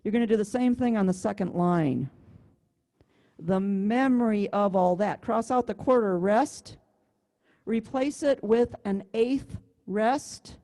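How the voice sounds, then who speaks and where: Brief: woman music teacher, mellow warm tone, patient and explanatory, on a video-call mic. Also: fairly high pitch, animated, a little slow. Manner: patient, explanatory, counts beats aloud. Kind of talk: online class instruction. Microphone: computer mic on a video call.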